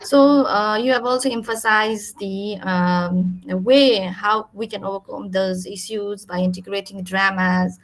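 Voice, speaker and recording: A woman's voice: medium pitch, steady tone, a little slow, few pauses, low-quality recording. A woman hosts the session, thanking the speaker formally with hesitant fillers. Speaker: host of the session.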